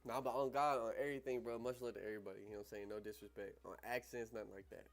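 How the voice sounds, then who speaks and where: A man's voice: medium pitch, steady tone, very fast, soft background music. A young man hosting a livestream on trading, talking casually in slang and laughing often.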